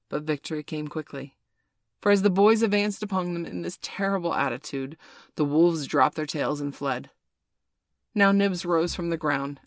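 A woman narrating a children's storybook in a measured, expressive read-aloud. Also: deep voice, vocal fry, no echo, studio quality. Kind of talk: storybook reading.

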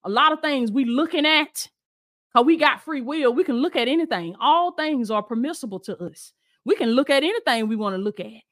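This Christian preacher and lifestyle coach has a high, expressive voice and talks fairly quickly. Speaking directly to her online followers, she presses her point with emphasis and repetition, calling on them again and again to stand firm.

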